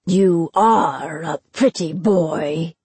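A woman's voice: low voice, drawn-out words, a little mellow, slightly rough, dry recording, heavily acted. A woman narrator voicing a brutal, mocking army general who threatens a young man. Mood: menacing. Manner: menacing, taunting. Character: brutal middle-aged male general, cruel and mocking.

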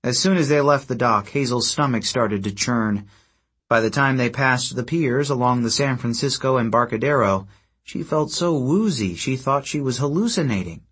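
Husky male audiobook narrator. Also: medium pitch, moderate pace, fairly bright tone. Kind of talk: scripted narration.

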